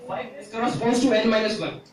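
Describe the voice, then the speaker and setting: High-voiced man presenting in an echoey room. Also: fairly even intonation, brisk. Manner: hesitant, frequent "uh" fillers, explanatory. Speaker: student presenter. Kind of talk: classroom presentation. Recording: echoey room from a distance with faint noise.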